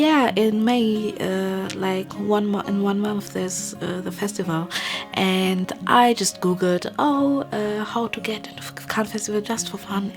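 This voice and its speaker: A young woman in her twenties chatting casually and candidly, rambling through a personal story with fillers and soft whispered asides. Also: medium pitch. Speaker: vlogger. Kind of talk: casual chat. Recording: music playing behind.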